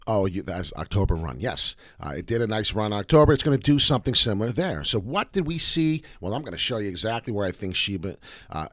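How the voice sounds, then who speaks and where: A man hosting a casual livestream of crypto chart commentary, rambling and swearing freely, with a slightly raspy voice this morning. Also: lowish voice, fairly bright tone, no room sound, studio quality. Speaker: crypto chart analyst host.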